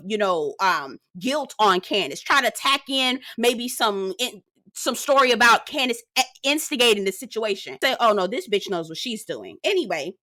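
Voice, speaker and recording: A woman's voice: fairly high pitch, sharp tone, dry recording, studio quality. A woman giving a sassy, profane rant while recapping a reality TV episode, talking emphatically and mimicking the cast members. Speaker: reality TV reviewer.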